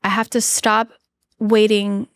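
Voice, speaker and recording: A woman in her thirties, a podcast guest telling a personal story in an earnest, halting way, with many fillers and restarts. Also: mid-range voice, little pitch movement, no echo, studio quality. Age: 30s. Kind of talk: candid interview storytelling.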